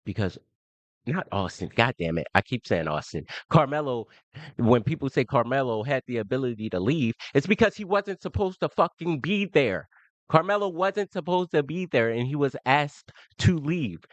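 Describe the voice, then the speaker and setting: A man's voice: mid-range voice, lively intonation, normal speed, no room sound. A man giving casual reaction commentary on a debate clip, crude and exasperated.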